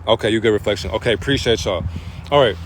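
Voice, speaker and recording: A man talking casually on a live spiritual stream, loose and profane with street slang, breaking into animated preaching. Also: fairly low pitch, fast talker, a little hiss or hum.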